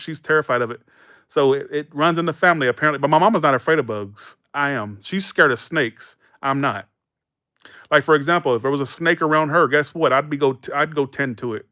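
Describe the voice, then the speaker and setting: A man in his thirties chatting casually to viewers as a livestream host, rambling through stories and jumping into animated quoted voices. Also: fairly high pitch, no room sound, studio quality.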